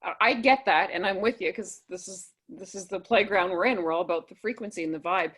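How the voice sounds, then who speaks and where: Animated woman trainee asking questions. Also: medium pitch, a little fast, husky. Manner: animated, retells conversations in quoted voices. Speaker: coaching trainee. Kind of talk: group call, asking a question.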